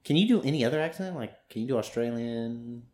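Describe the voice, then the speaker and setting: A man with a very lively, up-and-down voice, chatting casually as a podcast co-host. He talks in a playful, teasing way. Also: medium pitch, quick pace. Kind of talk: casual chat.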